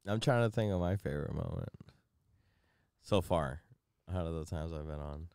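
A man's voice: very deep voice, moderate pace, creaky, clear, resonant tone, no echo, studio quality. A man who is a returning guest on a podcast, telling stories in a casual chat with lots of laughter. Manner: animated storyteller, laughing often.

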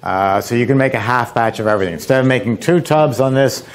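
A man's voice: mid-range voice, quick pace. A man presenting at an ice cream seminar, talking casually and joking, with a lot of filler words. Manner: relaxed, joking, hesitant with fillers. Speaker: equipment company presenter. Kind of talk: casual seminar demo talk. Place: seminar kitchen with audience.

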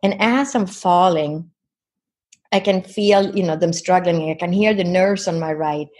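Woman, low-pitched, interview guest, vivid earnest retelling, frequent "you know". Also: measured pace, darkish tone. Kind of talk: personal storytelling.

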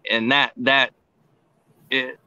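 A man in a casual podcast chat who describes encounters thoughtfully, often pausing to find his words. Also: mid-range voice, level tone, pushed and bright, clean tone, no room sound, dull audio. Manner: reflective, searching for words with restarts. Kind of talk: casual live-stream chat.

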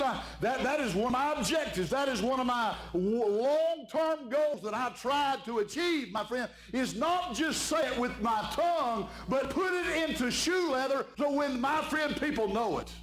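A man's voice: extremely high pitch, lively intonation, normal speed, a bit bright. A man preaching an evening sermon as pastor, fervent and fond of saying "my friend". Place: church sanctuary. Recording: echoey church room with faint hum.

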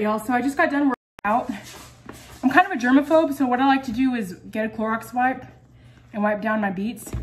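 A young woman, a little high-voiced, chats into a camera at home, still out of breath after a workout. She rambles casually and fills her talk with "um" and "like." A faint hiss sits behind her voice. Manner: chatty, many fillers like "um" and "like". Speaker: vlogger. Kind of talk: casual vlog chat.

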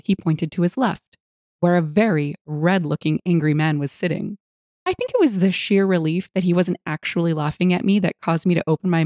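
Woman reading stories out loud, lots of ups and downs in her voice, kinda low, dry close mic. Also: no echo. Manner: lively, expressive storytelling with acted quotes. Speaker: story narrator. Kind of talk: reading internet stories aloud.

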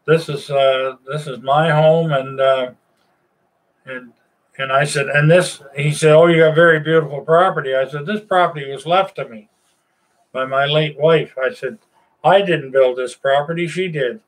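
A man talking casually to camera in a halting, firm, plainspoken way, with frequent pauses and restarts. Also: medium pitch, rough recording. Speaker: video blogger addressing viewers.

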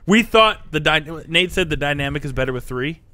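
A man with a fairly high, lively voice, co-hosting a podcast with a crude, teasing manner. His pitch swings around a lot as he talks. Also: brisk, no room sound. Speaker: podcast co-host. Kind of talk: casual banter.

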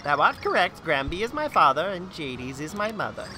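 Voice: mid-range voice, big pitch swings, normal speed, loud music behind the voice, close to an everyday voice. A let's-play gamer reading a young winged princess's game lines aloud in mock old-fashioned speech. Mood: haughty.

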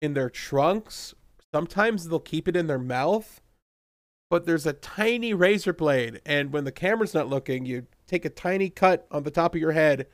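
A man's voice: fairly high pitch, animated, normal speed, no echo, studio quality. A young man co-hosting a casual TV recap podcast, swearing often, laughing and acting out characters' lines. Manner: profane, laughing, acts out quoted lines. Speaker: podcast co-host.

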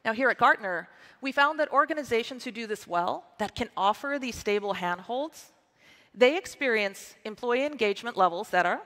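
A woman's voice: a little high, animated, moderate pace, a bit bright. Upbeat female keynote presenter, forties, emphatic delivery, large hall reverb. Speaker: conference presenter. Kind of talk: scripted conference keynote.

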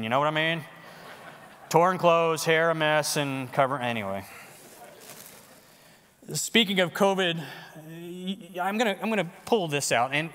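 A man preaching a sermon as pastor in a church worship center, animated and conversational, joking with the congregation. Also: fairly high pitch, big-room sound.

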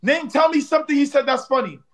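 A man's voice: extremely high pitch, expressive, fast, a bit bright. A man hosting a live stream in casual banter, playfully trash-talking and teasing his viewers and a rival, slangy and repetitive, tagging lines with "bro.". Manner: slangy, repeats phrases, tags lines with "bro". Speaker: livestream host.

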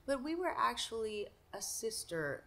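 Woman guest in her forties: bright, lively storyteller who laughs readily. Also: fairly high pitch, normal speed. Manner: animated, laughs often while telling stories. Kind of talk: casual storytelling.

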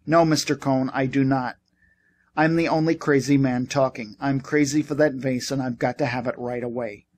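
A man's voice: medium pitch, steady tone, moderate pace, natural voice. A man voicing a desperate, irritable young male ex-soldier who talks in an exasperated, insistent way. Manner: shouting, exasperated.

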